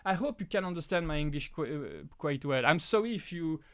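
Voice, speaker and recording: A man with a French accent, French as his first language, hosting a live prop-making Q&A in a halting way, with many restarts and fillers. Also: fairly high pitch, lively intonation, a bit bright. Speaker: prop-making channel host. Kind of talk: live stream Q&A chat.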